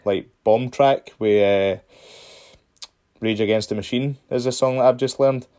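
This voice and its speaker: A man's voice: medium pitch, measured pace, mellow, clear, resonant tone. A Scottish man hosting a podcast, giving earnest advice in casual chat and repeating himself to drive his point home. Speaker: podcast host.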